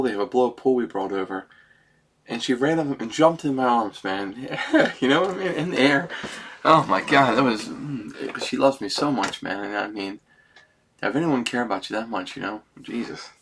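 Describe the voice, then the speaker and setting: A middle-aged man talking through a personal vlog monologue, rambling and emotional, close to tears and ending many sentences with "man.". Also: mid-range voice.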